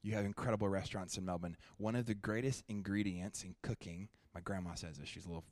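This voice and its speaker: A young man preaching a sermon at a church, shifting from animated, joking storytelling to quiet, prayerful ministry. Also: low-pitched, fast talker, no echo. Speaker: guest preacher.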